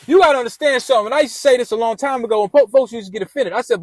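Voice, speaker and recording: A man's voice: very high voice, rapid-fire, hardly any pauses, no echo, rough recording. A man casually telling a rambling, profane personal story with lots of restarts.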